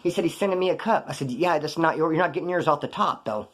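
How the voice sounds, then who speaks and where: A man's voice: fairly high pitch, fast talker. A man casually telling prison stories in a blunt, profane, slang-heavy way, acting out the dialogue. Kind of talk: casual storytelling.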